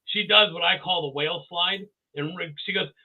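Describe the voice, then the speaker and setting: A male co-host with a high, gravelly voice tells a story in a casual chat. He sounds thin and tinny, as if over a phone line. He is animated and stammers as he acts out the quotes. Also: moderate pace. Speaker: podcast co-host.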